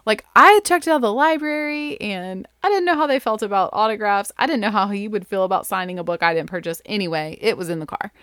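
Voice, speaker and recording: A woman's voice: mid-range voice, fairly quick, hardly any pauses, smooth, no echo. Chatty woman telling a story, dry sound. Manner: chatty and animated, heavy on fillers like "like" and "you know"; self-deprecating, laughs at her own story. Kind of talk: casual storytelling monologue.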